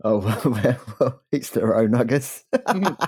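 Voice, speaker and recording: A man's voice: medium pitch, expressive, unhurried, darkish tone, slightly rough, no echo. A tired man co-hosting a podcast in casual chat, laughing often and swearing. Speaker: podcast co-host.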